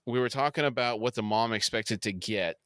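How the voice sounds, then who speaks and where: A man's voice: medium pitch, fairly quick, fairly bright tone, clean tone, dry recording, studio quality. A man co-hosting a podcast, recapping a TV episode scene by scene and then adding his own comments. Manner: reads out plot beats, then comments. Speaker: podcast co-host. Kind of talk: episode recap with casual discussion.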